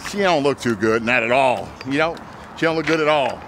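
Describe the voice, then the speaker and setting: A man, a used car dealer giving a joking, folksy sales pitch while walking around his lot outdoors. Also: lively intonation, a little fast, creaky, a bit bright, slight background noise.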